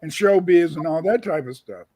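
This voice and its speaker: A man with a notably high voice explains things in a lecturing way and keeps repeating words as he restarts. The sound is dry and close, with no room echo. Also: lively intonation, normal speed, darkish tone. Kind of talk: casual livestream discussion.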